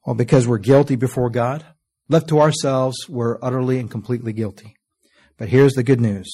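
A man preaching a sermon, earnest, reading scripture slowly and letting phrase ends fall soft. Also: mid-range voice, steady tone, husky. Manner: earnest, often trailing off softly at phrase ends; reads scripture in slow, stressed King James cadence.

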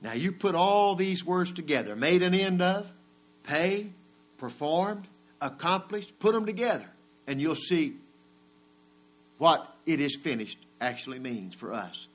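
A man, preaching a sermon and swinging from soft murmurs to loud, drawn-out cries. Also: fairly high pitch, animated. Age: 40s.

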